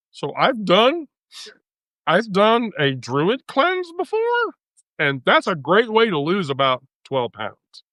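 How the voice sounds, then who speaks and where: A woman's voice: medium pitch, wildly swooping pitch, slow pace, fairly bright tone, no room sound. A woman hosting a livestream, telling a profane, laughing story in casual chat with frequent laughter. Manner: bawdy, profane, laughs through her story. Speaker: livestream host.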